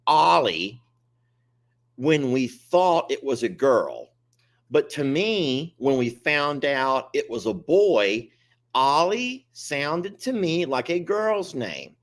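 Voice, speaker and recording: A man, co-hosting a casual chat and rambling in a self-mocking, chatty way. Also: on the high side. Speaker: co-host of an animal sanctuary channel.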